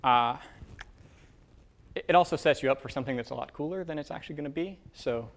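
A man preaching a casual sermon, talking in halting bursts full of fillers and restarts. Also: a little high, gravelly. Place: church with a room of divinity students.

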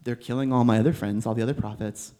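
A man's voice: mid-range voice, fairly even intonation, fast, warm tone, lightly acted. Elijah is a weary, frightened male prophet who pleads and complains, as a man puts him on while preaching. It is spoken close to an everyday voice. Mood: exasperated. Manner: pleading, exasperated.

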